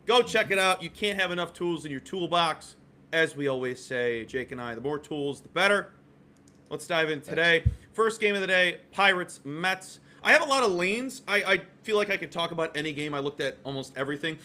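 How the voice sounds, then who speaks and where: A man co-hosting a sports betting chat, talking in relaxed, teasing banter. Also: a little high, fairly quick.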